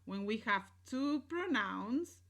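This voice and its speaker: Slow, bright-voiced woman teaching grammar. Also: on the high side, animated. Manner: explanatory, checks in with "right?" and "¿sí?"; switches between English and Spanish examples. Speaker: Spanish teacher. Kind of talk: recorded grammar lesson.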